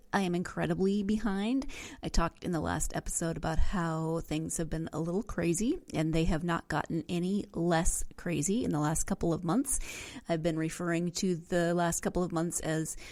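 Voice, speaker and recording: A woman's voice: lowish voice, darkish tone. A woman hosting a book podcast, chatting casually with dry, self-deprecating sarcasm. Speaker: podcast host. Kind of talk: casual solo podcast talk.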